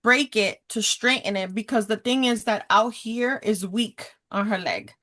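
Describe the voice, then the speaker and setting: A woman in her thirties, a guest on a podcast, casually tells a personal story in a somewhat high voice, speaking a little slowly. She's animated, talks with her hands, and acts out the quoted dialogue.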